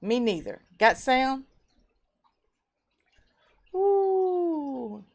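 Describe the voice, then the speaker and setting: A woman's voice: medium pitch, unhurried, clean tone. Woman, casual live stream host, leisurely pace, clean resonant voice, webcam audio. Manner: reads viewer comments aloud and greets them warmly by name. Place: home fish room.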